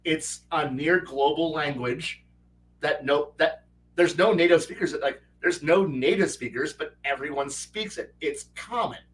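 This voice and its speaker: A man hosts a loose online chat about running his game world, slipping into little character voices as he tells it. His voice sits a bit high for a man. He stammers and restarts, and sounds a touch distant from his microphone. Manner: animated storyteller who acts out quoted characters. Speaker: host and game master. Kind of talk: casual livestream chat. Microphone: online call mic. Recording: voice distant from the mic.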